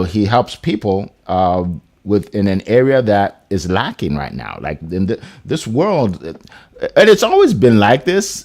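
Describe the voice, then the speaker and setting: Male host of an online panel on a video call, low voice with lively swings, casual and filler-heavy. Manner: animated, filler-heavy, restarts.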